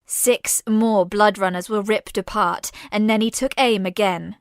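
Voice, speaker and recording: Slow, measured woman narrator. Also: mid-range voice, steady tone, no echo, studio quality. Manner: measured, unhurried storytelling. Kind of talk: scripted audio-drama narration.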